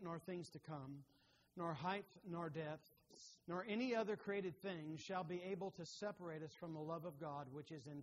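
A man preaching a sermon as pastor, who rises loud and high on emphatic lines and drops soft and low on tender ones, reading scripture aloud with growing force. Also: a little hiss or hum.

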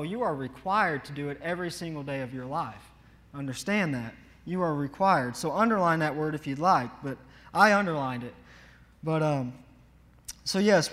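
A man's voice: fairly high pitch, fairly bright tone, long reverb tail. A man preaching an earnest, emphatic sermon to his congregation. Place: church.

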